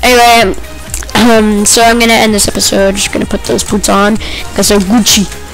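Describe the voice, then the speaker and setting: A woman giving chatty, excitable commentary while playing a video game, with quick outbursts. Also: mid-range voice, soft background music, low-quality recording. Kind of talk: casual gameplay commentary.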